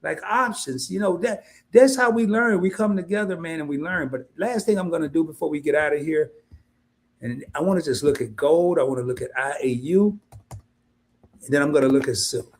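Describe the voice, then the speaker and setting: A man hosting an investing livestream in a casual, colloquial way, addressing viewers directly as "y'all". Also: fairly quick. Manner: mimics worried investors in high voice.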